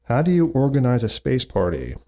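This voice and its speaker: A man hosts a one-man comedy podcast and reels off terrible jokes. His voice is mellow and dark, and it swoops around a lot between the punchlines. He mocks himself along the way, complaining about his own material. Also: mid-range voice, wildly swooping pitch, a little fast. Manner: self-mocking, groans at his own bad jokes, chatty asides. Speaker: podcast host. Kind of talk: solo comedy podcast, reading corny jokes.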